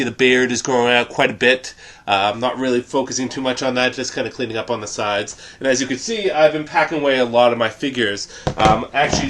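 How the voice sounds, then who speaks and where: A man's voice: a little high, fairly bright tone. A man vlogging at home, chatting casually to viewers in a rambling, direct way about comics. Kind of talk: casual vlog commentary. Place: home room, indoors.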